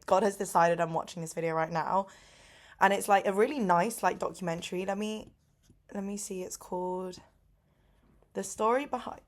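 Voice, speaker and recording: A young woman in casual vlog chat, rambling with lots of "like", lying in bed in pain. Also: lowish voice. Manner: rambling, heavy use of "like". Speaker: vlogger.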